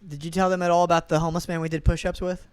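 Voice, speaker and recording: A young man co-hosting a podcast, telling a story in an animated, casual way and acting out what people said. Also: on the high side, rapid-fire, clear, resonant tone. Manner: animated storyteller, acts out quotes, swears casually. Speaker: podcast co-host. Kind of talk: casual chat.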